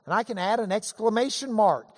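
A man preaching a sermon in a lively, conversational way, breaking off for quick asides as he teaches. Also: sits high. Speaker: pastor. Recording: long hall reverb.

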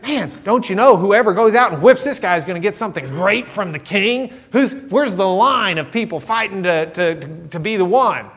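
A man's voice: high voice, animated, normal speed, hardly any pauses, a bit bright, breathy edge, pitched above the performer's own voice, heavily acted. A man voicing a brash young shepherd, amazed and eager to fight. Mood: cocky eager. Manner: incredulous, cocky.

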